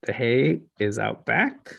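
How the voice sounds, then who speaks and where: A man playing a tabletop game, joking in a deadpan way. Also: medium pitch, slow pace, gravelly, husky, highs cut off. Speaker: player.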